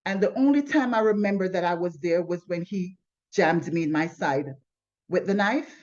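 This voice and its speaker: A woman with a lowish, slightly mellow voice talks at a normal speed, sharing her testimony in a sincere, plain way. She keeps restarting her sentences, and the slightly dull lo-fi recording captures it all.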